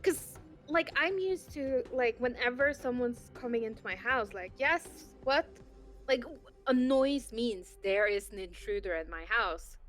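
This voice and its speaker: Chatty woman with a slightly high voice, loose casual storytelling. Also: lively intonation, normal speed, a bit bright, faint music behind. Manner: chatty, many filler "like"s. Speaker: tabletop game player. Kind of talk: casual chat, telling an anecdote.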